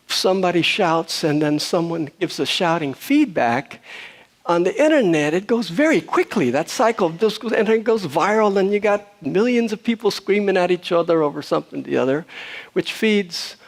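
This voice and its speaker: A man speaks to a gathering of about seventy people in a relaxed, storytelling sermon, his voice sitting a little higher than most men's. He wanders through his story with fillers and small restarts, and grows loud when he acts out people shouting. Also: normal speed. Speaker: speaker at a spiritual community. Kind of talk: conversational sermon.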